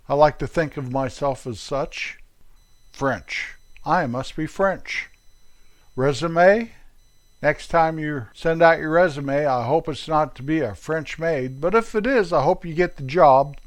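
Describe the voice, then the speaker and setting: Casting: older American man, slow easygoing talker, slightly high voice, playful joking monologue host. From United States. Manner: playful, drops mock French exclamations in a squeaky voice. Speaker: podcast host. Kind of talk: humorous storytelling monologue.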